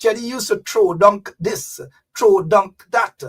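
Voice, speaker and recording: A man's voice: high-pitched, slow, fairly bright tone, slightly rough, recorded from a distance. A man hosting fiery, mocking political commentary, talking straight to his audience. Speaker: host.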